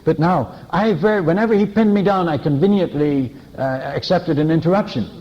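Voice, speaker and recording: A man preaching as a missionary, telling stories in an animated way, chuckling and restarting often. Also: fairly high pitch, normal speed, muffled recording. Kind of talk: anecdotal sermon storytelling.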